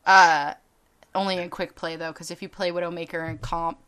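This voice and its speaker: A young woman with a bright, clean voice, talking casually on a podcast. She tells her stories with lots of energy, acts out the people in them, and swears freely. Her tone sounds clear and open. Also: on the low side, moderate pace. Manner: animated, acts out quoted people, laughs often, swears casually. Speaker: podcast co-host. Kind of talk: casual storytelling chat.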